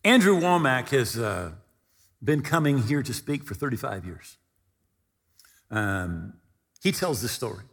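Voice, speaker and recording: A man's voice: mid-range voice, very animated, measured pace, long pauses. A man preaching a sermon, retelling scripture and stories with acted-out quotes. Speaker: pastor. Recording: long hall reverb.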